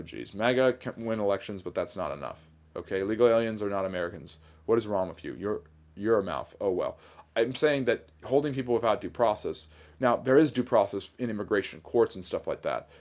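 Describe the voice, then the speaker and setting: A man's voice: lowish voice, a little mellow. A man hosting a casual livestream, reading viewer comments aloud and answering them in a plainspoken, mildly sarcastic and argumentative way. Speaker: livestream host reading chat.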